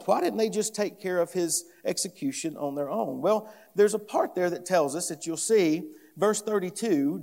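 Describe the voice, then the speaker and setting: The speaker is a pastor giving an expository sermon, earnest and emphatic, repeating phrases as each point builds. His voice sits high with a darkish tone. The recording has the long reverb of a large hall.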